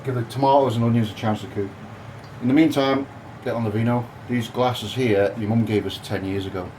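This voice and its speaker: A man's voice: medium pitch, steady tone, a little fast, a little mellow, a little hiss or hum, poor audio. A man giving a casual, cheeky and crude cooking demonstration in his home kitchen. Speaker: home cook.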